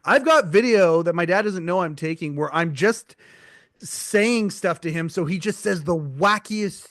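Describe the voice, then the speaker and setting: A man's voice: high-pitched, animated, a little slow, a bit bright, dry recording, clean studio sound. A middle-aged man, hosting a podcast in casual chat, joking and candid, laughing often. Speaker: podcast host.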